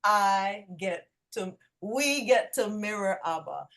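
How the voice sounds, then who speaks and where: A woman sharing a reflection with a study group on a video call, slow and emphatic. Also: mid-range voice, expressive, a bit bright. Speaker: Bible study group member.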